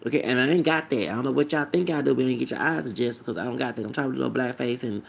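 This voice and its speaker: Man, vlog rant, gravelly husky voice, rambling, repetitive, emphatic. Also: mid-range voice, rapid-fire. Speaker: vlogger. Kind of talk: casual rant to camera.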